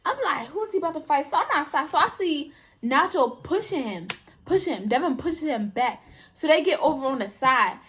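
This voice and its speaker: A young woman casually telling a story about a school fight, lively and full of laughter. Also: high-pitched, moderate pace, slight background noise.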